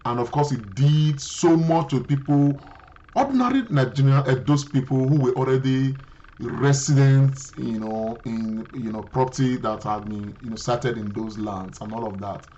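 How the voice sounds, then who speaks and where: This male show host talks at an ordinary pitch, pausing often and correcting himself as he sets up a story. The recording sounds slightly muffled and lo-fi. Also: warm tone, a little hiss or hum. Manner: hesitant, many fillers and self-corrections. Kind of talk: talk show commentary.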